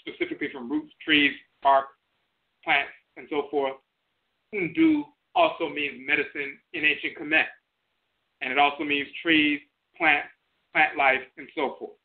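A man with a somewhat high voice gives a spoken lecture as host of an internet radio show. He works through terms methodically and restates each definition. The sound is thin and narrow, like a phone call. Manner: explanatory, repeating terms and definitions. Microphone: phone line to an internet radio show. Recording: tinny phone-line audio.

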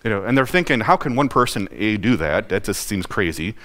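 Male pastor, slightly low voice, folksy conversational sermon with rhetorical questions. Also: very animated, fairly quick, sharp tone. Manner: folksy, asks the congregation questions, acts out quoted voices.

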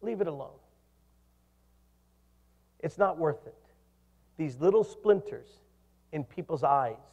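A middle-aged man preaching a sermon as pastor, animated and putting questions to his congregation. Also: on the high side, slow. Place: church hall. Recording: reverberant hall.

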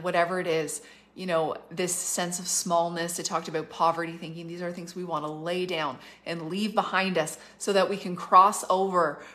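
A middle-aged woman from Canada giving livestreamed prophetic teaching, emphatic and fervent, slowing down to stress key phrases and rushing through asides. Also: lowish voice, fairly bright tone. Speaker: prophetic minister and school leader.

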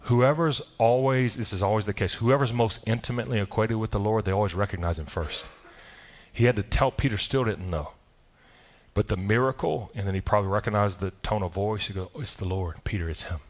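A man with a fairly low voice delivers a church sermon. He speaks emphatically and conversationally and often breaks off to restart a phrase. He throws rhetorical questions to his listeners. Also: fairly quick. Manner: loose delivery with frequent restarts. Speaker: pastor. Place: church service.

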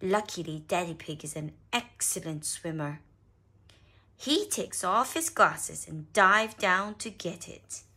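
A woman reading a children's picture book aloud, expressive, with small slips. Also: fairly low pitch, slow, slightly rough. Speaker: storyteller.

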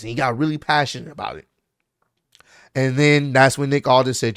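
A man's voice: medium pitch, brisk, gravelly, pauses often, smooth, dry recording, clean studio sound. A man hosting his own channel, casually recapping a wrestling show and animatedly acting out what the wrestlers said. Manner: animated, acts out wrestler quotes. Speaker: wrestling commentary youtuber.

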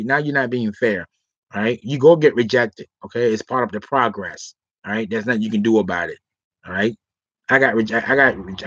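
A man's voice: mid-range voice, no echo. Rambling man giving dating advice. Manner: rambling, filler-heavy talk ending lines with 'all right' and 'okay'. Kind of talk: casual livestream advice talk. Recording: dry, slightly dull lo-fi sound.

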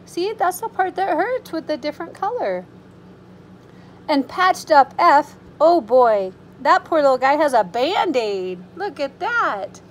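A preschool teacher reading a picture book aloud to young children, using an animated storytime voice with gasps and gentle, reassuring asides. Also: female voice, high voice, unhurried, few pauses, slight background noise, poor audio.

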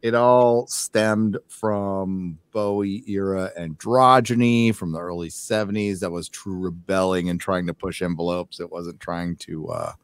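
A man's voice: deep voice, vocal fry, no echo. A man on a casual chat panel, giving blunt, offhand opinions. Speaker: panel guest.

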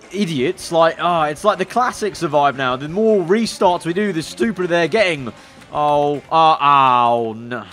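A man commentating his own racing game run, excitable and breaking into loud exclamations when things go wrong. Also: fairly high pitch. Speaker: gaming YouTuber.

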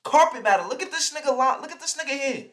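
High bright young dude roasting somebody on stream, heated and cussing nonstop. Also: male voice, lively intonation, fast talker, slight background noise. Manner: mocking, heated, swears constantly. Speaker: live streamer. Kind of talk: profane roasting rant.

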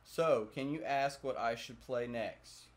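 A man's voice: medium pitch, unhurried. A young man casually commenting while he plays a video game, swearing often and chatting with viewers. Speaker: gaming video host.

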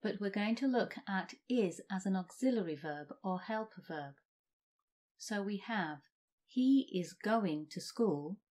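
A woman teaching English grammar, reading example sentences slowly and deliberately. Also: mid-range voice, lively intonation, a little mellow. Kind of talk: slow scripted grammar lesson.

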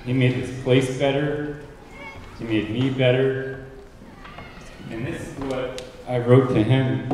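A man giving a memorial tribute, reciting a written piece in a slow, measured way. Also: mid-range voice, a little mellow, slight background noise. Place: large hall at a memorial service. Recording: echoey hall.

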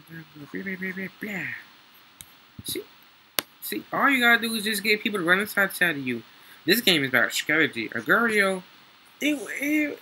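A young man talks through his game in an excitable, slangy way, swearing freely. His voice is very bright and a little high, with a lively, swinging pitch. A faint hum of room noise sits behind him. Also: rough recording. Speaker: gaming YouTuber. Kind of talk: casual gameplay commentary.

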